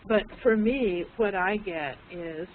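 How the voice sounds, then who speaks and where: Slow-speaking woman teacher on a call. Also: mid-range voice, slight background noise. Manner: patient, explaining and questioning students. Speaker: English teacher. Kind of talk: online class discussion. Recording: tinny lo-fi online call audio.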